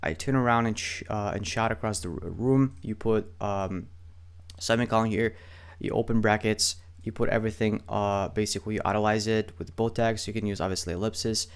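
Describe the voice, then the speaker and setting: A young man with a somewhat low voice walks through email marketing in a casual screen-share lesson. He talks loosely and swears for emphasis. He keeps asking his viewers "right?" as he goes. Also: fairly even intonation, brisk, clean tone.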